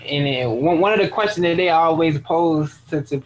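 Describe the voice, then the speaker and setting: High-voiced laid-back man. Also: normal speed. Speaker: podcast co-host. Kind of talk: casual podcast chat.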